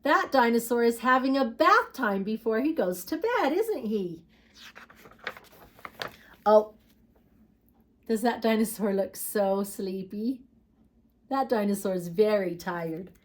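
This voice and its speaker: A woman teaching a preschool craft class and reading a picture book aloud to young children, slow and playful. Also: mid-range voice, animated.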